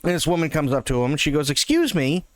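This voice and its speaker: A man live-streaming a game, chatting casually and telling jokes in a profane, expressive way into a close microphone. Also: a little high, rapid-fire, dry recording.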